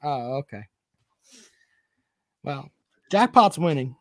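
High-voiced man trash-talking, dry mic. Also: very animated, slow, a bit bright, dry recording. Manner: profane, joking, trash-talking. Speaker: show host reading viewer comments. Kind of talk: casual sports chat.

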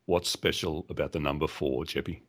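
A very deep-voiced man joins a podcast from a remote call line, talking in a relaxed, playful and teasing way. Keyboard typing can be heard in the background. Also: brisk. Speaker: podcast co-host. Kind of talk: casual chat.

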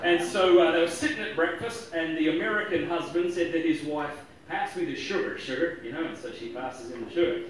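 A man giving a joking, lively talk on logic to a live audience, often chuckling at his own jokes. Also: a little high, a little fast, hardly any pauses. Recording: echoey hall, distant mic.

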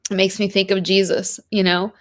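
A woman's voice: mid-range voice, flat delivery, moderate pace. A woman talking about spiritual practice in an earnest, rambling way, full of "like" and "you know". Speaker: podcast guest. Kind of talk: spiritual conversation.

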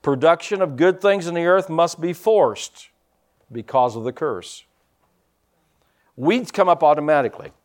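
A male pastor's voice is a little high with lively intonation, moving at a measured pace with long pauses. His conversational sermon features frequent amens and alternates quiet asides with loud emphasis.

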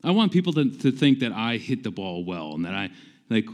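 Lively-voiced man in his forties preaching. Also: mid-range voice, fairly quick. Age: 40s. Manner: conversational, self-deprecating, emphatic repetition. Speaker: pastor. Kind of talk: sermon.

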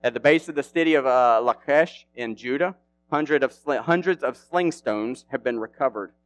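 A man preaching a casual, animated sermon in an easygoing, slang-filled way. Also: mid-range voice, normal speed.

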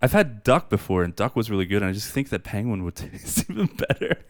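Male podcast co-host, lively rambling chatter, smooth low-ish voice, dry close mic. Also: fast, no echo. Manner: laughs often, rambling storyteller. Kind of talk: casual chat.

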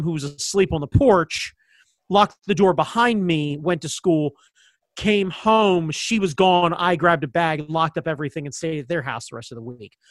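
A high-voiced man from the suburbs of Baltimore County, Maryland, recorded dry, tells a personal story in casual chat. He rambles, using lots of fillers and swearing bluntly.

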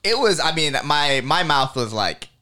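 Excitable guy cohosting a podcast, kinda high voice, really bright. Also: unhurried. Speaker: podcast co-host. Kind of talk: casual chat.

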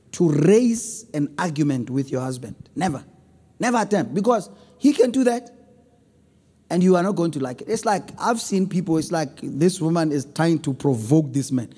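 A man preaching a sermon on relationships, swinging between loud emphasis and low asides. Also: sing-song, unhurried, slightly rough, long reverb tail. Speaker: pastor.

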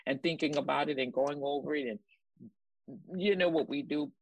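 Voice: medium pitch, moderate pace, vocal fry, poor audio. A minister teaching a Bible lesson, repeating key points and acting out quotes to the listeners. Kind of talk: sermon-style Bible lesson.

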